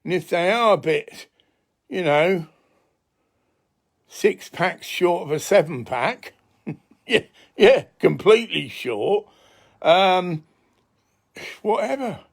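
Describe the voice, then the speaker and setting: Older man, high voice, gravelly, slow drawl, profane laughing rant. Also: expressive. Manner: crude, swearing, laughing rant. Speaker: self-styled spiritual healer. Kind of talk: casual rambling monologue.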